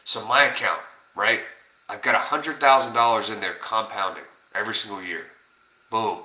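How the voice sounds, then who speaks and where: A man talking casually to camera as a personal finance vlogger, energetic and rambling, coaching viewers with lots of fillers and restarts. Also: on the low side, normal speed, reverberant, low-quality recording. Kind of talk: casual direct-to-camera talk.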